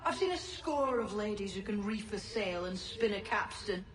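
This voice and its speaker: A woman's voice: medium pitch, expressive, moderate pace, distant mic, slight background noise, close to an everyday voice. A woman voicing a tough female pirate, brusque and confident as a mentor.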